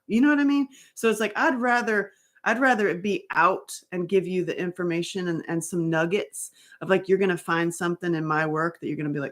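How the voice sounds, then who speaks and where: A woman talking casually to her viewers about healing, rambling and animated, often breaking off mid-sentence. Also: fairly low pitch. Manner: rambling, animated, self-interrupting. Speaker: author and survivor advocate. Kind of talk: casual livestream talk.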